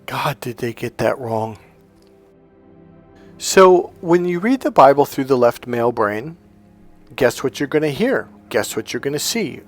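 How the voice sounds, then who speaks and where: A man's voice: medium pitch, expressive, a little slow, pauses often, soft background music. A middle-aged man, a life coach, delivering an emphatic, preachy motivational monologue full of storytelling.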